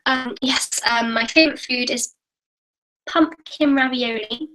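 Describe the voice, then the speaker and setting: A woman's voice: sits high, measured pace, noisy background. A teenage girl, chatty and apologetic, hosting a live-stream Q&A and reading out viewer comments. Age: teens. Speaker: YouTube host.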